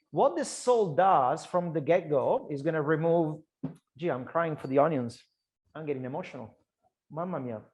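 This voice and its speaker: A man with an Italian accent, a chef chatting his way through an online cooking class, loose and talkative with frequent restarts. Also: a little high. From Italy. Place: kitchen.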